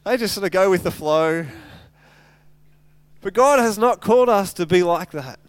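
High-voiced pastor preaching. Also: male voice, moderate pace, clean tone, dry recording. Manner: animated storytelling, retelling scripture in casual speech; frequent stumbles and repeated words. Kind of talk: sermon.

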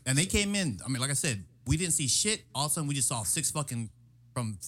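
A man's voice: mid-range voice, sing-song, quick pace. A man in casual chat, telling a story with lots of swearing and acting out the quoted lines. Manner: profane storytelling, acts out quotes loudly.

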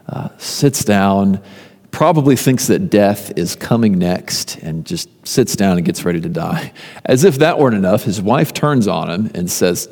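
A man preaching a sermon, retelling a story conversationally with emphatic lists and pauses. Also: fairly low pitch, a little mellow. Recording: long reverb of a large hall.

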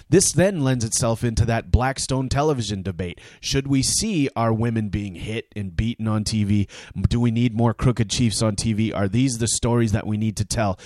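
A man's voice: mid-range voice, no echo, studio quality. Sarcastic ranting male podcast host. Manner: sarcastic, heated, animated. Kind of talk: comic rant monologue.

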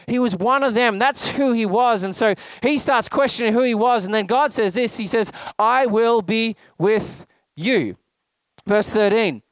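Male preacher, chatty, quizzes the room, high voice, dry sound. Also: no echo. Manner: conversational, asks the congregation questions. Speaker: pastor. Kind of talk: sermon.

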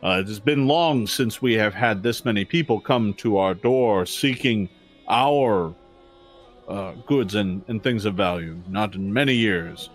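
A man voicing a stern, formal male orc gate guard who speaks in a slow, measured way. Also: fairly low pitch, soft background music, pitched below the performer's own voice.

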